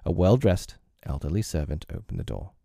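Deep, measured male storybook narrator. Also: animated, vocal fry, dark tone, no echo, studio quality. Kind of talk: storybook narration of a classic novel.

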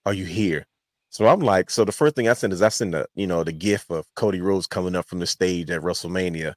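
A man's voice: sits low, fast, no room sound. A man hosting a wrestling podcast, telling a long rambling story in casual chat. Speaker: podcast host.

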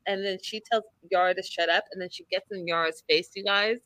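Woman, bright tone, dry close sound, animated gossipy storyteller, casual podcast chat. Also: medium pitch, brisk, few pauses, no room sound. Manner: animated storyteller, acting out quotes with emphasis. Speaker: podcast host recapping a reality show.

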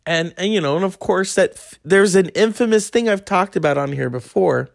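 A man's voice: high-pitched, normal speed, creaky, no room sound, clean studio sound. A man in his thirties telling a rambling, crude story in a casual monologue. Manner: crude, rambling, acts out quoted voices. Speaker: podcast host.

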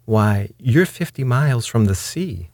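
A man's voice: medium pitch, expressive, unhurried, darkish tone, no echo, studio quality, voice pushed up. A man voicing a homely country landlord who speaks in plain, simple words. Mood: plain, bothered. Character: worried, plain-spoken male farmer and landlord.

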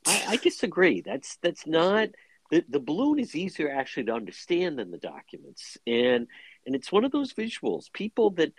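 A man hosting a talk radio show, interviewing a guest in an animated, quick-talking way. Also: on the high side, slightly rough, no room sound, rough recording.

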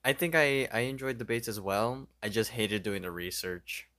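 Male podcast co-host, low-pitched and offhand, dry close recording. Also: normal speed, fairly bright tone, dry recording. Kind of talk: casual chat.

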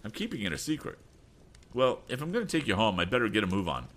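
A man's voice: on the low side, sing-song, quick pace, fairly bright tone, voice pushed up, full character voice. Man voicing a stern young inventor. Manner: stern, commanding.

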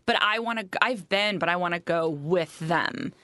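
A woman who grew up with Italian-speaking parents, chatting casually, animated, laughing often and swearing freely. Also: lowish voice, normal speed, no room sound. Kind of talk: casual chat.

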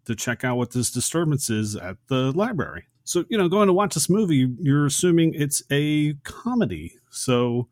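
A man's voice: on the high side, big pitch swings, moderate pace, hardly any pauses, a little mellow, no room sound, studio quality. A man co-hosting a casual podcast, summarizing a film in a friendly way. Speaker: podcast co-host.

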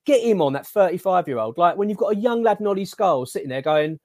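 A man's voice: high-pitched, fast, no room sound, studio quality. A man, hosting a casual football podcast and ranting animatedly, stumbling over his words. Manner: animated, ranting, filler-heavy. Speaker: podcast host.

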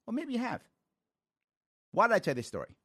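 A man in his forties from the Bronx, hosting a talk show and telling stories with lively quoted voices. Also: sits high, fairly quick, husky, dry recording, studio quality. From New York (the Bronx). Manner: animated storytelling with quoted voices.

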